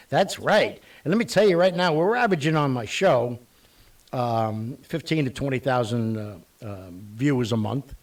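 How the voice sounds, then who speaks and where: A man's voice: medium pitch, creaky, far from the mic. A man hosting his online show, rambling bluntly with mild curses. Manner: animated, blunt, mildly profane, rambling. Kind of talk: casual rambling monologue.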